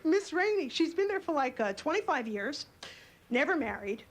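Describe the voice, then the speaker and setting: High-voiced young woman doing stand-up. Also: big pitch swings. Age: young adult. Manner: wry, quick punchlines. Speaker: stand-up comedian. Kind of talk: stand-up comedy routine. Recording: club stage mic over a laughing crowd.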